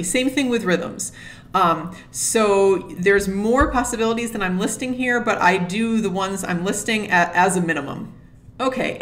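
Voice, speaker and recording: Woman string teacher, methodical and steady, mid-pitched voice, laying out practice steps one by one. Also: slight background noise. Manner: sings rhythms on nonsense syllables to illustrate. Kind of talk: instructional explanation to camera.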